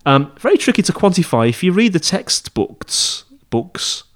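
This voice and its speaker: A man's voice: high voice, big pitch swings, moderate pace. A man hosting a podcast, giving informal advice on interviewing in a rambling, chatty way with many fillers and restarts. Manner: chatty, rambling, with frequent fillers and self-corrections. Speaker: podcast host teaching interview skills. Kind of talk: casual instructional monologue.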